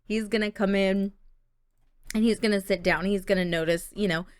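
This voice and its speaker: A woman's voice: mid-range voice, fairly even intonation, normal speed, smooth, no room sound. A woman hosting a casual life-sim let's-play, chatty and giggly, talking fondly to viewers. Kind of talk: casual gameplay commentary.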